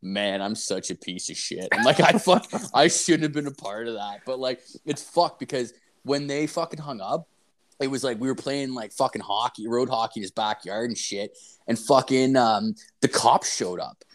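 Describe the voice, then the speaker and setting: A man in casual chat, telling stories in an animated, profane way and breaking into laughter. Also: mid-range voice, normal speed.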